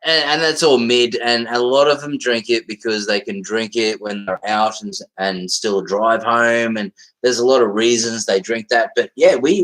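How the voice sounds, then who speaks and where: A man with a strong Australian accent talks loosely on a livestream, his voice bright and forward. He rambles and swears freely, and his speech is full of fillers and restarts. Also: medium pitch, rough recording. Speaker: livestream host. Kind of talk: casual livestream chat.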